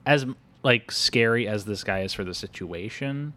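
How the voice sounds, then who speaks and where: A man's voice: fairly low pitch, moderate pace, pushed and bright. A man co-hosting a casual movie podcast, chatty and filling his talk with "like" as he recaps scenes. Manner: chatty, lots of "like", laughs easily. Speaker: podcast co-host.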